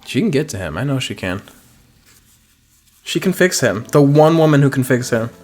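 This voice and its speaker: A man's voice: medium pitch, very animated, normal speed, darkish tone. A man casually commenting on a video game, rambling with crude jokes. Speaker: let's player. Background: game music.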